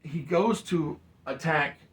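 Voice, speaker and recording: A man narrating a wrestling match in casual play-by-play chat, acting out wrestlers' lines in animated storytelling. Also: fairly high pitch, slow. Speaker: co-host, game narrator.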